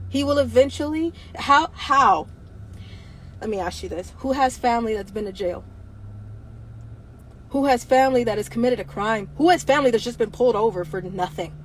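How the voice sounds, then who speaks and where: A woman's voice: sits high, rough recording. Emphatic woman on a livestream rant. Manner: emphatic, repetitive rhetorical questions, blunt and profane. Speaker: livestream host. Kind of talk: impassioned livestream monologue.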